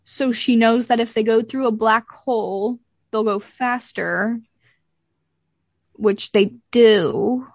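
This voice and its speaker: A slightly high-voiced woman talks at a slow pace in studio-quality audio with no room sound. She co-hosts a podcast, casually and animatedly recapping scenes while acting out lines.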